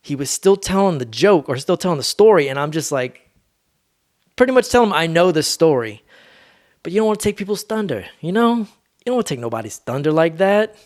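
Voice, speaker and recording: A man's voice: on the high side, big pitch swings, brisk, a little mellow. Rambling laid-back man, solo podcast. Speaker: podcast host. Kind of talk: casual solo monologue.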